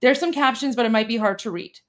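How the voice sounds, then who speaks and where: A woman from Canada hosts a live commentary in a loose, rambling way. She talks with plenty of fillers and slightly high pitch. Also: fast. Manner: chatty, many fillers and restarts, translating. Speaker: host. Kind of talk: casual commentary.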